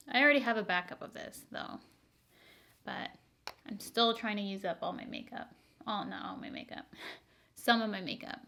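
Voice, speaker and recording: A woman's voice: mid-range voice, sharp tone. A young woman, chatting to viewers through a makeup tutorial, laughing often and making asides. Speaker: beauty vlogger.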